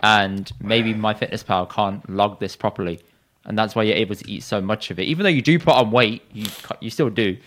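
A man co-hosting a podcast, teasing and talking quickly in casual chat. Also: lowish voice, a bit bright. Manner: teasing, quick, says "innit". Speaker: podcast co-host.

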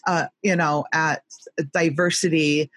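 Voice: medium pitch, fairly even intonation, unhurried, fairly bright tone, no echo. A host in a casual chat, talking loosely with trailing, self-deprecating phrases.

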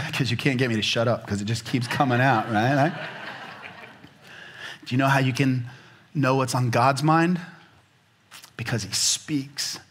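A middle-aged man preaching a sermon in a conversational, animated way, swinging from loud excited asides to soft, almost whispered lines. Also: mid-range voice. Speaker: pastor.

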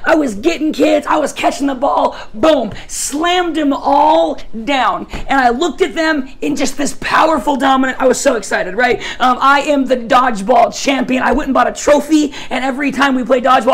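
A woman preaches to a youth group in a high, somewhat husky voice. She jokes at her own expense and keeps the sermon light. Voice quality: high-pitched. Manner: joking, self-mocking storyteller. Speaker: youth pastor.

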